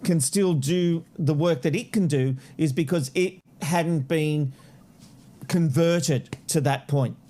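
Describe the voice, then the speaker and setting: A man, his voice sitting a touch higher than most men's, talking through insider entertainment news. He speaks in a confident, chatty way, like a regular on a talk radio panel. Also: takes it slowly, warm tone. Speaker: entertainment reporter.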